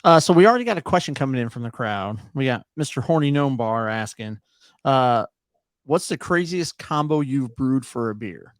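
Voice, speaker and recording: A man's voice: medium pitch, animated, moderate pace, no echo. A man from Detroit hosting a casual beer livestream, reading viewer questions and reacting cheerfully. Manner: upbeat, reads viewer questions, short reactions. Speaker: livestream host.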